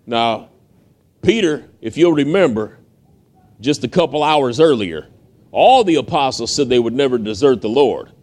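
A man's voice: mid-range voice, lively intonation, normal speed, darkish tone. A man from the United States preaching, retelling a story in a folksy, conversational way with acted-out quotes. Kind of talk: storytelling sermon.

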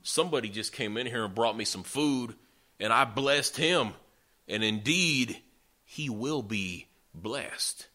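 A man's voice: mid-range voice, animated, slow pace, bright, forceful tone, voice pushed up. A preacher voicing a shaken old father. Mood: solemn. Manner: solemn, pronouncing.

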